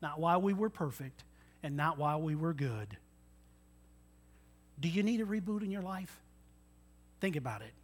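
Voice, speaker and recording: A man's voice: a little high, lively intonation, normal speed, long pauses. A man preaching a sermon, earnest and folksy, often putting questions to the congregation. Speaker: pastor.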